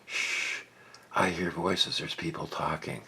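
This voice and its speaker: A man's voice: lively intonation, moderate pace, slight background noise, lightly acted. Man doing a flustered little girl adventurer. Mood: hushed. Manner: hushed whisper, then flustered high-pitched stammering.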